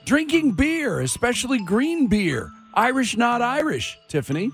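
A man's voice: extremely high pitch, very animated, unhurried, fairly bright tone. A man hosting a casual radio show, joking and running a quiz with his co-hosts. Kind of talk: casual morning radio banter. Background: music bed.

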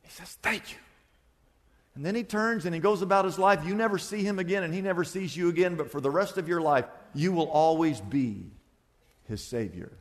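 A man's voice: on the high side, fairly quick, big-room sound. A man preaching a sermon, telling a story and acting out the people in it. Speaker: pastor.

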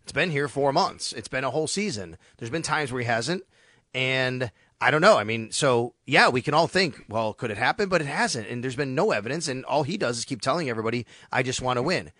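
Sports radio talker, male, crisp bright tone, animated storyteller, close dry mic. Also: mid-range voice, fairly quick, no room sound. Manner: animated, storytelling with quoted asides. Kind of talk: casual sports radio chat.

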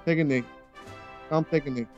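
Loud teasing guy hosting sports talk, kinda high voice, dull muffled sound. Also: a little fast, faint music behind. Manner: brash, animated, teasing. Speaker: radio show host.

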